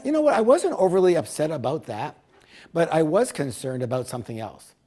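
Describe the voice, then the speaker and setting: A middle-aged man giving a motivational speech, emphatic and swinging between loud punches and hushed lines. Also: fairly high pitch, slightly rough. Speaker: motivational speaker.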